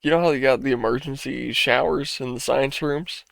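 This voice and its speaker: A man's voice: mid-range voice, steady tone, normal speed, vocal fry, a bit bright. A man co-hosting a casual podcast, laid-back and joking, laughing in the middle of sentences. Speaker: podcast co-host.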